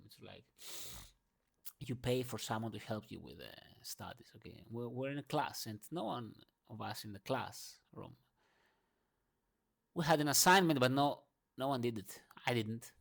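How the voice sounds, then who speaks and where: A young man ranting through a morning monologue in his second language. He swears freely and swings between loud outbursts and low murmurs. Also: creaky. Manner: speaks English as a second language. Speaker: vlogger.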